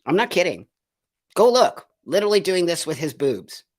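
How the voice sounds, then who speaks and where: This live stream host talks fast in a high-ish voice with big pitch swings. He reads viewer comments and speaks to his audience in an indignant, emphatic rant, repeating phrases for effect.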